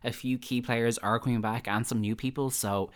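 A man co-hosting a podcast, telling stories in an animated, casual way. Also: mid-range voice, moderate pace. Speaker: podcast co-host. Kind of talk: casual chat.

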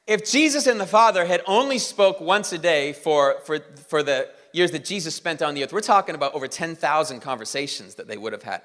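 A man preaching a sermon to his congregation, emphatic, moving between loud declarations and soft, quiet passages. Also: on the high side. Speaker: pastor. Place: church hall. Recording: long reverb of a church hall.

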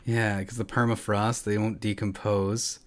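Low-voiced man rambling on a podcast. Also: little pitch movement, unhurried, no room sound. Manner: rambling, swears freely, self-deprecating. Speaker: podcast co-host. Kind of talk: casual podcast chat.

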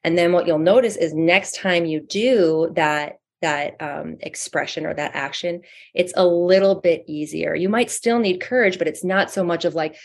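A woman with a slightly low voice speaks as a guest in a loose, conversational podcast chat about inner growth. She is blunt and earthy, drops the odd swear word, and slips into little acted-out inner voices to make her points. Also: normal speed, vocal fry, hardly any pauses. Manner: frank, swears casually, acts out inner voices. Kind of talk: casual spiritual coaching talk.

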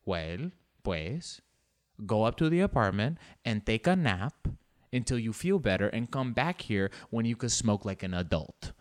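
A man voicing his blunt, unbothered elderly grandmother in a quiet, matter-of-fact way. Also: fairly low pitch, big pitch swings, a little slow. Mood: dry.

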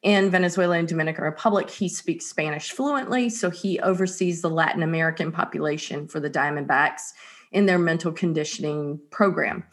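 A woman's voice: deep voice, a little fast. A woman in her fifties from North Carolina with a Southern accent, telling stories as a guest in a casual interview. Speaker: guest speaker and writer.

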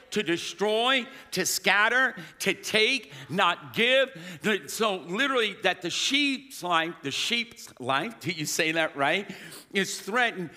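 A man preaching a sermon as pastor, calling to the congregation and rising to shouts. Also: high-pitched. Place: large church hall. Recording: long hall reverb.

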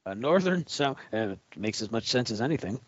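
Podcast guy with a husky voice, deadpan jokes, trails off, dull dry sound. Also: medium pitch, a little fast, no room sound. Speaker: podcast co-host. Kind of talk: casual chat watching wrestling.

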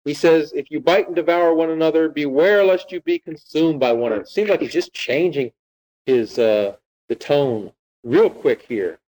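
A man's voice: a little high, normal speed, a little mellow, low-quality recording. A man preaching as a pastor, retelling a scripture story and teaching with frequent rhetorical questions. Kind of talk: sermon.

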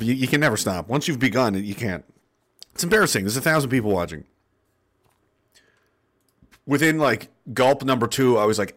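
A man hosting a live stream, reading chat and ranting sarcastically, swinging between loud and soft. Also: mid-range voice, expressive, fairly quick. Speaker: livestream host.

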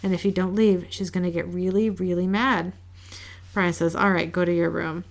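Woman with a gravelly, low-key recap voice. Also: normal speed. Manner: reads quoted lines in a flat, low-key way with small laughs. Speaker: podcast co-host recapping an episode. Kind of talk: casual recap, reading dialogue aloud.

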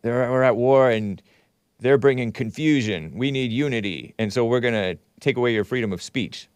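Here a commentary-show host's mellow, medium-pitched voice moves at normal speed through a news article, which he punctuates with chuckling, sarcastic jabs. The casual monologue comes through clean and studio-quality, with no room sound.

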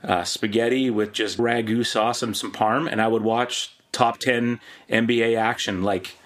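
A middle-aged Canadian man, a podcast host now being interviewed, telling rambling, animated stories in casual chat. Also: mid-range voice, unhurried. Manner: rambling, animated anecdotes with many fillers.

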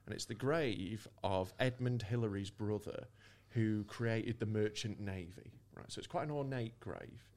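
A man's voice: on the low side, measured pace, hardly any pauses. A man co-hosting a comedy podcast, telling a rambling, sweary anecdote and laughing as he goes. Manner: animated anecdote-telling, swears often, laughs mid-sentence. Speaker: podcast co-host. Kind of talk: casual storytelling chat.

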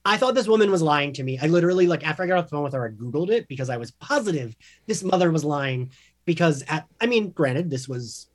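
A man's voice: a little high, animated, fast. A man in his thirties co-hosting a podcast, telling rambling stories in a chatty, laughing way. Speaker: podcast co-host. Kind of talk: casual chat, storytelling.

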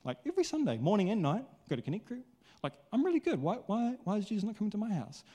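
A man voicing a whiny, self-righteous male churchgoer who complains in a high, petulant tone. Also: very animated, fast, warm tone. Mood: indignant whine.

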